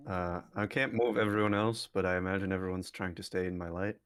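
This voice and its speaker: A man playing a tabletop game in character, calm, steady and determined. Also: low-pitched, a little fast, clear, resonant tone. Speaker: player.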